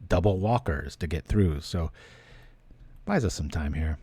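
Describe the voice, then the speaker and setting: A man's voice: deep voice, expressive, unhurried, warm tone, slightly rough, no room sound. A man giving casual, chatty commentary while he plays a card game on stream, thinking aloud and thanking viewers.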